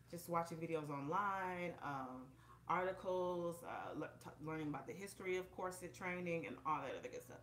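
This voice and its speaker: A somewhat low-pitched woman vlogging at home to a propped-up camera, chatty and direct with her viewers. She sounds a little out of breath as she talks. A faint hiss sits behind her voice. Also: roomy sound. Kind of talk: casual vlog, demonstrating on camera. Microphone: camera propped up in front of her.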